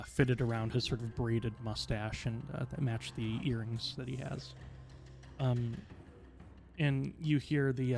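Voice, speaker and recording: A man's voice: mid-range voice, a little mellow. A man narrating a tabletop game as game master, describing scenes in a rambling way full of fillers.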